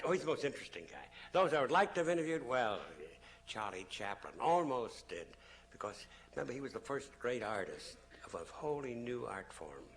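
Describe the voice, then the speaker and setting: A man lecturing to an audience in a low, gravelly voice full of fry. He tells stories with animation, acting out the people he quotes. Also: a bit bright. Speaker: public speaker. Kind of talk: storytelling public lecture.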